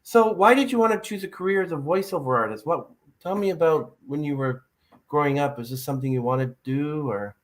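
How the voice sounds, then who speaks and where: A man's voice: fairly high pitch, fairly quick. A man hosting a podcast interview, rambling and hesitant with many fillers. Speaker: podcast host. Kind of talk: casual interview chat.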